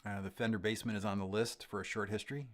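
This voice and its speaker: A deep, low-pitched man talks through viewer questions on his livestream. He rambles casually, stopping and restarting often with ums, and sounds middle-aged and unhurried. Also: steady tone. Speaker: host of a gear livestream. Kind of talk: casual livestream chat reading comments.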